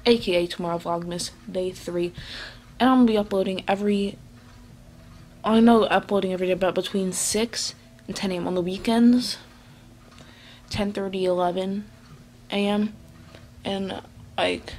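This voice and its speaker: Casual woman vlogger rambling into her phone at home, lots of ums, gravelly fry in the voice. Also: medium pitch, steady tone, moderate pace, pauses often, a little mellow, a little hiss or hum. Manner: meandering, full of fillers and restarts. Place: at home, indoors. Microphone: handheld phone camera.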